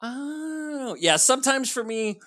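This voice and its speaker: A man joins a film podcast as a guest, and he talks with emphatic, animated energy. His pitch swings widely as he makes his points, and he chimes in often to agree. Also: slow pace. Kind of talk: casual film discussion.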